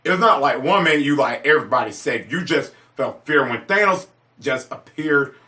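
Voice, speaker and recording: Excitable man gushing over movies. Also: moderate pace. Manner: excitable, gushing, repeats himself, sudden high-pitched exclamations. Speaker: movie reviewer. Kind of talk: casual movie ranking monologue.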